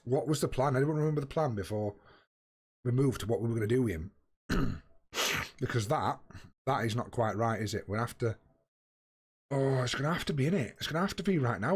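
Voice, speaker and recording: A man's voice: mid-range voice, breathy edge. A young man chatting casually with viewers during a live game stream, greeting them by name and swearing freely. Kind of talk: casual live-stream chat while playing.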